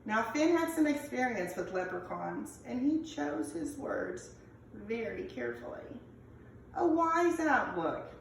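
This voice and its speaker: Upbeat American teacher reading aloud. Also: female voice, a little high, very animated, a little slow, creaky, a little hiss or hum. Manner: upbeat, encouraging, self-correcting. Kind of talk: reading a picture book aloud to a class. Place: classroom. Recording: echoey classroom from far off.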